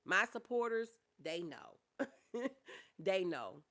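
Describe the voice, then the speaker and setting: A middle-aged woman on a casual livestream who reads viewer comments aloud, calls her viewers honey and y'all, and speaks openly and softly about grief. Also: medium pitch, sing-song, slow. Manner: talks openly about grief, softening and trailing off.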